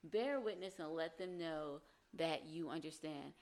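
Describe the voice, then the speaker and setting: A woman's voice: sits low, unhurried, darkish tone. A woman giving casual relationship advice, explaining earnestly and acting out example phrases.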